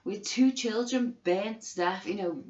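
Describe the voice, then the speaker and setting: A woman's voice: medium pitch, normal speed, a little mellow. A middle-aged woman ranting angrily to camera, outraged and swearing, hammering the same phrases again and again. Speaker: vlogger. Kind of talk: angry ranting monologue. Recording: roomy, dull lo-fi recording.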